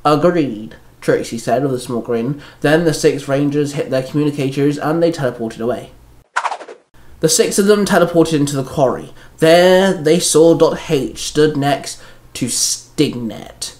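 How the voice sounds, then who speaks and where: A man narrating a fan-written story in a steady, plain storytelling manner. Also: on the high side, a little slow. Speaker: fan fiction reader. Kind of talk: story reading.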